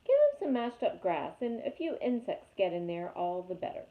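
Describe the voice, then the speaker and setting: A woman's voice: mid-range voice, wildly swooping pitch, moderate pace. A woman voicing a fussy, bossy old female goose who scolds and squawks in a storybook reading. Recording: tinny phone-like sound.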